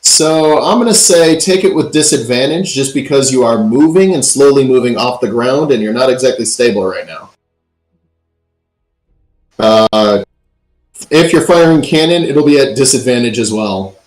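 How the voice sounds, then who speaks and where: A man's voice: medium pitch, expressive, normal speed, a little mellow, faint music behind. Echoey-voiced man narrating a tabletop game. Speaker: dungeon master.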